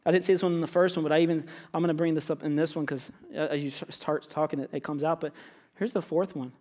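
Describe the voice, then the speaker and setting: A man's voice: fairly high pitch, fast. A pastor preaching a sermon, speaking straight to his congregation and slipping into the voices of the people in his story. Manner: animated, addresses congregation directly, acts out biblical characters.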